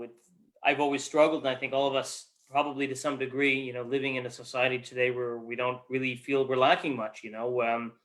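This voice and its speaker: A guest speaker gives his last thoughts in a thoughtful, searching manner, often pausing with fillers. His voice is bright and forward. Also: medium pitch. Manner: thoughtful, searching, heavy with "you know". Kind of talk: reflective closing words.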